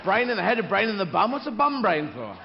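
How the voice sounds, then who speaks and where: A man's voice: high-pitched, very animated, quick pace, creaky, voice pushed up, heavily acted. A man doing a whiny petulant young Jesus. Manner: whiny, complaining. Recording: live stand-up, hall reverb, muffled, crowd noise.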